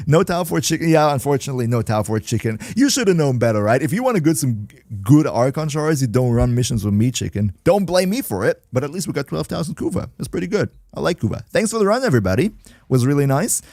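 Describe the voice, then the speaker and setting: A man's voice: a little high, sing-song, quick pace, darkish tone, no echo. Chatty male game streamer, dry sound. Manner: chatty, laughs often, greets and answers chat. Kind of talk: casual livestream gameplay commentary.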